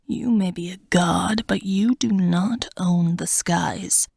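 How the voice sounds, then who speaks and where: A woman voicing a protective, defiant cursed male dragon in whispered role-play, speaking gravely and with determination. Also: on the low side, slow, darkish tone, no room sound, studio quality, full character voice. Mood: grim resolve.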